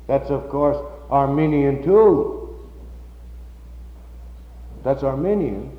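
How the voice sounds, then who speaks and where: A pastor preaching a sermon slowly and emphatically, building to loud high peaks on key words. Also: male voice, roomy sound, in a large hall, phone-quality sound.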